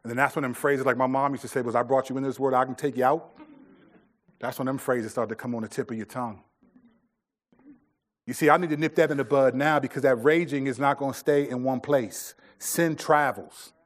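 A man's voice: medium pitch, steady tone, a little fast. A middle-aged man preaching a sermon in a loose, conversational way, with many restarts and fillers. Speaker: pastor.

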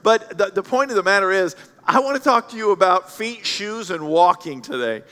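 A man preaching a sermon as pastor, joking and animated, jumping from loud outbursts to quiet asides. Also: high-pitched, moderate pace, big-room sound.

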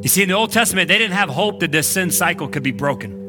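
A male pastor gives a lively, conversational sermon to a church congregation. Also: high-pitched, fast talker, music in the background. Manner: energetic, conversational preaching with frequent "like". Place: church sanctuary. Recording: live church service recording.

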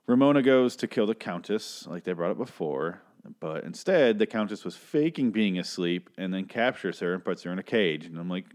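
A man's voice: low voice, animated, normal speed, a little mellow. A man casually recapping a TV episode, swearing often and sounding exasperated as he rambles through the plot. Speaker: TV recap host.

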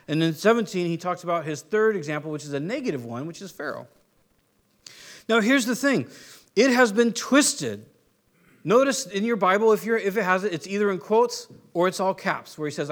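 A man's voice: sits high, expressive, normal speed. A man preaching a sermon, teaching conversationally with rhetorical questions and restarts. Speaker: pastor.

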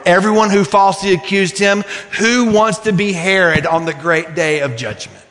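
A man's voice: high-pitched, normal speed, hardly any pauses, a bit bright, in a large hall. A man preaching a sermon as pastor, earnest and pleading, asking his listeners question after question.

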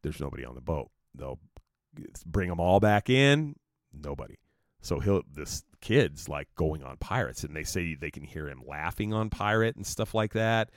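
Low-voiced man rambling through a podcast story. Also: animated, moderate pace, no room sound, clean studio sound. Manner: rambling, loose and profane, lots of fillers. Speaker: podcast host. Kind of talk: casual solo podcast storytelling.

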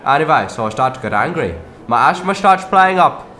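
In a comedy sketch, a man voices a grumbling Christmas demon with horns and fangs, sounding gruff, aggrieved, self-pitying and quick to anger. His voice is a little high, pushed and bright with lively intonation, and there's a slight hiss or hum.

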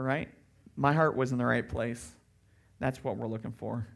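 A middle-aged man preaching a sermon as pastor, animated and lively, often breaking into loud mocking voices. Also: medium pitch, normal speed, creaky.

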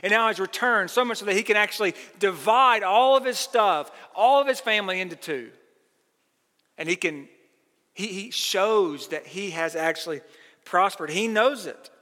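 A man's voice: high voice, lively intonation, normal speed, pushed and bright. A man preaching a sermon as pastor, talking earnestly and lifting his voice when he quotes scripture. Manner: earnest preaching, quoting scripture with rising emphasis. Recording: long hall reverb.

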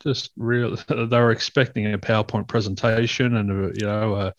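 Low-voiced man telling stories. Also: fairly even intonation, normal speed. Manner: reflective, acts out quoted speech in stories. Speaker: workshop facilitator. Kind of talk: conversational storytelling. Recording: dull lo-fi sound.

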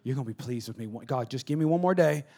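A man preaching a conversational sermon, acting out little dialogues and swinging between loud bursts and hushed asides. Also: mid-range voice, fast. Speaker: pastor.

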